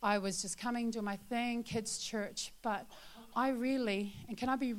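A woman's voice: on the high side, fairly even intonation, unhurried. A woman sharing a testimony with her church congregation, a chatty storyteller full of fillers who turns earnest and confiding.

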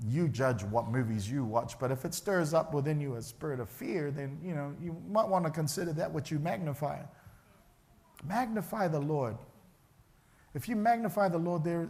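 A man's voice: a little high, normal speed. A male pastor, preaching a sermon in a church and acting out the people in his story. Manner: animated, acts out the characters' voices.

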